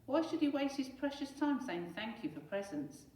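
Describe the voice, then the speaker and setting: A teacher reading a children's storybook aloud in a lively, expressive way. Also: female voice, high-pitched, normal speed, recorded from a distance. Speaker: primary school teacher. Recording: echoey room, away from mic.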